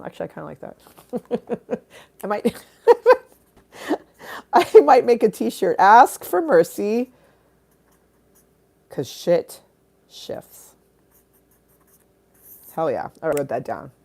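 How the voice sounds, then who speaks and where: Low-voiced woman rambling candidly on a livestream. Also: sing-song, measured pace, creaky, dark tone, husky. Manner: rambling, candid, laughs and swears often. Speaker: livestream host. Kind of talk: casual livestream chat.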